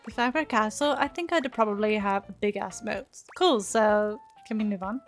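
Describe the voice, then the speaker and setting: A woman's voice: medium pitch, normal speed, few pauses, soft background music. A young woman streaming a dating game, chatting, giggling and bantering back at the characters. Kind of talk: live game streaming commentary.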